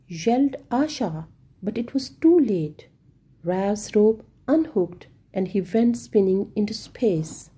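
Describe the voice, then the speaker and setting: A woman reading a children's storybook aloud, slowly and deliberately. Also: mid-range voice, expressive, mellow, breathy edge. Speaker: storybook reader.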